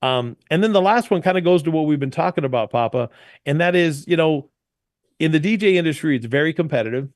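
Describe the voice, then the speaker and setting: A man's voice: fairly high pitch, fast talker, no echo, clean studio sound. A man who owns an entertainment company, chatting in an interview and giving business tips. He tells stories with energy and acts out the quotes. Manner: animated storyteller, emphatic, acts out quotes. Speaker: DJ entertainment company owner, guest.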